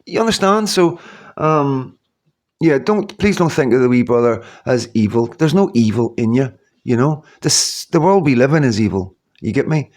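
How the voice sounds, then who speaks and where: A man's voice: medium pitch, expressive, moderate pace, darkish tone. A man in his fifties giving a rambling, earnest motivational talk to his viewers, full of repeats and "you know what I mean". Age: 50s. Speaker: YouTuber.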